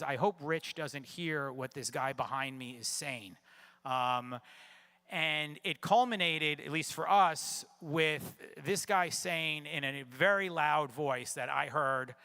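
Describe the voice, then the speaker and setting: Bright-voiced man telling a congregation story. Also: on the high side, smooth. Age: middle-aged. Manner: conversational storytelling with wry humor. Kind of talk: casual announcements and personal story.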